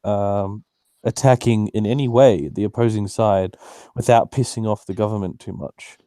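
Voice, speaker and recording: A man's voice: lowish voice, fairly even intonation, moderate pace, warm tone, no room sound, clean studio sound. A man co-hosting a podcast, adding laid-back, wry comments in a casual political discussion. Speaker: podcast co-host.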